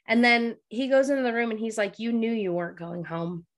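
A woman's voice: fairly high pitch, fairly quick. Tearful chatty woman podcaster. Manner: emotional, tearful, laughing through sobs. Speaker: podcast co-host. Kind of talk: casual recap chat. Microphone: studio microphone.

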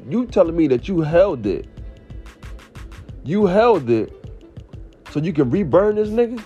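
A man telling a comedic story on a podcast, ranting in an animated, incredulous, profane way, with slightly muffled audio and faint music. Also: fairly high pitch, normal speed, pauses often. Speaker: podcast host.

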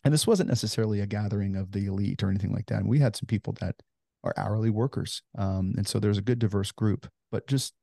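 A man's voice: on the low side, fast, creaky, mellow, dry recording, clean studio sound. A man in his forties, a ministry founder, telling stories earnestly in a conversational interview with many "you know" fillers.

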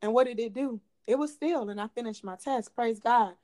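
A young woman with a slightly high voice speaks earnestly about her faith. She repeats key phrases for weight and falls into a preaching rhythm. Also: moderate pace, warm tone. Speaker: podcast guest, PA student. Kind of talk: faith-based podcast conversation.

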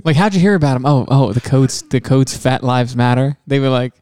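A man's voice: medium pitch, fairly quick, darkish tone, clean tone, dry recording. A man co-hosting a podcast in casual chat, teasing and laughing often. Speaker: podcast co-host.

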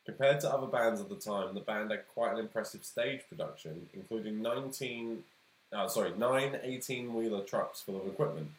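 An English man co-hosting a casual chat, swearing freely and laughing often in lively banter. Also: lowish voice, brisk. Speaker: podcast co-host. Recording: roomy echo.

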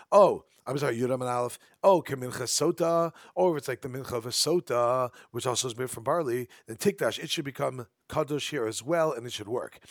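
A man's voice: medium pitch, no room sound. A man teaching a Talmud lesson, reading the text in a sing-song study chant and explaining each phrase in casual English.

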